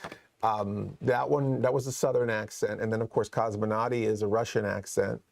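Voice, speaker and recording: A man's voice: fairly low pitch, steady tone, normal speed, vocal fry, dry recording. A man hosting a horror movie show, chatting casually on a live stream and rambling with many restarts. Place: studio set.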